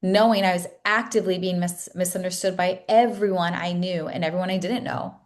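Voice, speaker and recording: Leading a masterclass, a coach in her thirties tells her class a heartfelt personal story, sometimes tearing up and restarting often. Her voice is fairly low and steady, a little fast.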